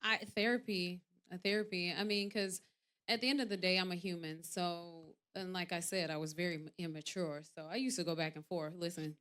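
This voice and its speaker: A woman in her thirties, an actress guest on a talk show, telling candid stories; she acts out quoted voices with big jumps in pitch and loudness, and drops soft and low when serious. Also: steady tone, brisk. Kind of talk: candid conversational storytelling.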